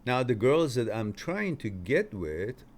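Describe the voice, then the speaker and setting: A man's voice: medium pitch, sing-song, slow pace. A man hosting a live stream, reading out viewers' chat comments and answering them in a loose, chatty way, laughing now and then. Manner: reads out chat comments and replies, laughs easily. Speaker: livestream host answering viewer questions.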